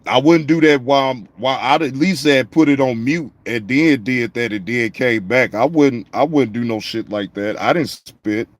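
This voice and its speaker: A man's voice: mid-range voice, normal speed, hardly any pauses. A man hosting a casual live-stream reaction show, speaking, profane and repetitive, addressing viewers in the chat by name.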